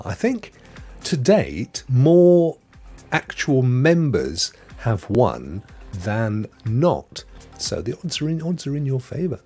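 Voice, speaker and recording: Chatty man, husky and lively. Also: a little high. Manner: chatty and jokey, answers chat messages by name. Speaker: live stream host reading viewer chat. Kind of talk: casual live chat.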